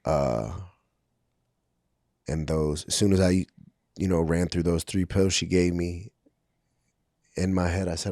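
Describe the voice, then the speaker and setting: A man's voice: low voice, fairly even intonation, slow, long pauses, mellow, no echo, studio quality. A middle-aged man from Brooklyn, a podcast guest, telling his life story candidly with many ums and acted-out quotes. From Brooklyn, New York. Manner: candid, frequent ums, acts out quoted dialogue. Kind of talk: personal storytelling in a podcast interview.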